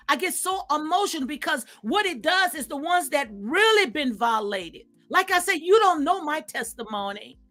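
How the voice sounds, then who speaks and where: A woman hosting a reaction commentary, her voice sitting high. She talks straight to her viewers, pressing and repeating her points with emphatic insistence. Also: fairly bright tone. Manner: emphatic, repeats phrases, addresses viewers directly. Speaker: commentary channel host. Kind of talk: reaction commentary on viral clips.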